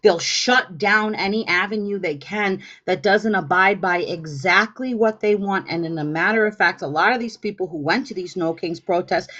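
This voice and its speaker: A woman's voice: medium pitch, fairly bright tone. Profane sarcastic woman on a lo-fi stream. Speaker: host. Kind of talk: casual political panel chat. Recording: dull lo-fi stream audio.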